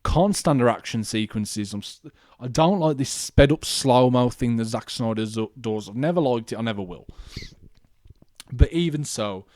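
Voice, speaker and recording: A man's voice: medium pitch, a little mellow, dry recording, studio quality. A young man hosting a casual solo movie review podcast, ranting animatedly and swearing often. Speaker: podcast host.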